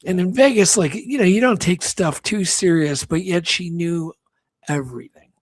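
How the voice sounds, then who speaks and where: His voice sits high at a normal speed in a dry recording. As co-host of a talk show, he rambles casually through a story, restarting repeatedly and acting out the quotes.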